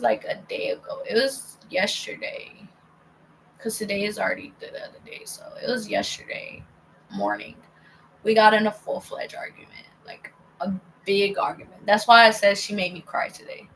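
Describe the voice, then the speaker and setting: A young woman telling a rambling personal story in a casual monologue, full of "like" and "bro" and often dropping to a hushed near-whisper. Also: mid-range voice, slight background noise, low-quality recording. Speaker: vlogger.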